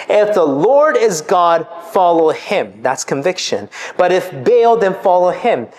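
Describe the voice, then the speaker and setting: Preacher, sermon, conversational delivery, reads verses aloud, frequent "right?" tags. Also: medium pitch. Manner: conversational, tags sentences with 'right?'. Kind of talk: sermon retelling a scripture passage.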